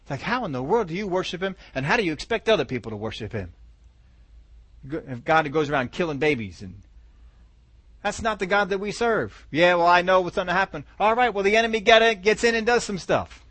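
A man preaching with a high, ringing voice, recorded dry and close. He presses his points by repeating them and acting out the voices of doubters. Scripture quotes land with slow, heavy emphasis. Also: very animated, fairly bright tone, no echo. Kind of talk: sermon.

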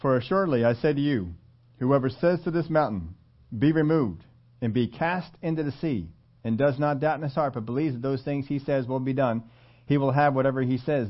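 Emphatic preacher man, dull recording. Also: mid-range voice. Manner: emphatic preaching, repeats phrases, asks the audience questions. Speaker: pastor. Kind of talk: sermon.

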